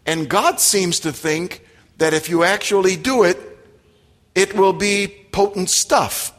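Male pastor, slightly high voice, slow measured delivery, long church reverb. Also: fairly bright tone. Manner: emphatic, with direct questions to the congregation. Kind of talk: sermon. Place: church sanctuary.

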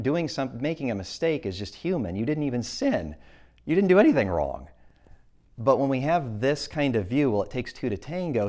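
A man's voice: fairly low pitch, darkish tone. A man giving a church presentation to an audience, speaking earnestly and plainly, often correcting himself mid-sentence. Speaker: speaker at a church talk on abuse.

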